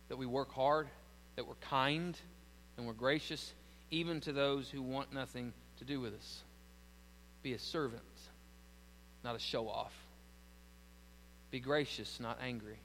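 A man's voice: medium pitch, a bit bright, in a large hall, slight background noise, poor audio. A man with a Southern American accent preaching a sermon as pastor, building to emphatic lines and then telling stories with frequent restarts.

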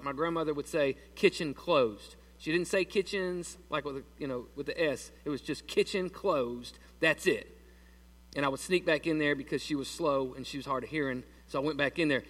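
A man's voice: a little high, fairly bright tone, far from the mic. A man preaching a sermon in a church in a folksy, conversational way and asking the congregation questions. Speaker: pastor.

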